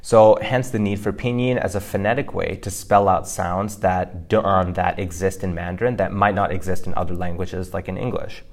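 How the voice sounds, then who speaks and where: A man with a very low voice talks through a language lesson in a relaxed podcast manner. He explains patiently and fills his pauses with um and like. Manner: explanatory, with frequent fillers. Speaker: podcast co-host teaching Mandarin.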